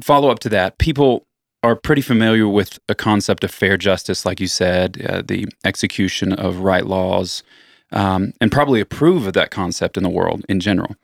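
A man hosting a theology discussion, affirming his guest and posing measured questions. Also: sits low, creaky, no echo, clean studio sound.

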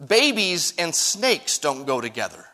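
A man preaching a sermon to his congregation, swinging between emphatic rises and hushed drops. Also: on the high side, sing-song, unhurried. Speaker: pastor.

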